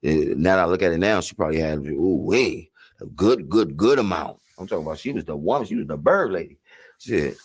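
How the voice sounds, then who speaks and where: A man's voice: low voice, animated, brisk, husky. A man from South Central Los Angeles with an LA accent, telling his story in an interview in a slangy, rambling, profane way. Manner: slangy, rambling, profane, acts out voices loudly.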